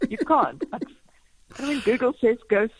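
A woman in her forties, a radio guest telling stories in a lively, self-deprecating way, laughing often. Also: a little high, moderate pace, husky, dry recording, poor audio. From South Africa. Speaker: marathon swimmer and speaker, radio guest. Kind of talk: casual radio interview chat. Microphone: phone line into radio studio.

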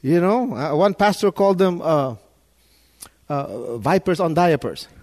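A pastor preaching a sermon with emphasis, often restarting his words and swinging between loud and quiet. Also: on the high side, lively intonation, unhurried. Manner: emphatic, repeats words, rises and falls in loudness.

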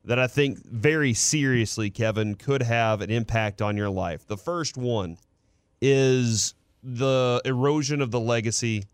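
A man hosting a sports radio show in a studio, pausing on "uh" fillers and turning animated as he retells a story. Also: mid-range voice, smooth, no echo. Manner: halting, many "uh" fillers, animated when retelling. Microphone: studio microphone.

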